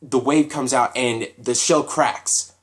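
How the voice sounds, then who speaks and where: Man, anime reviewer, casual solo talk, animated, repeats himself, mid-pitched voice. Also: takes it slowly. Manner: animated, repetitive, thinking aloud.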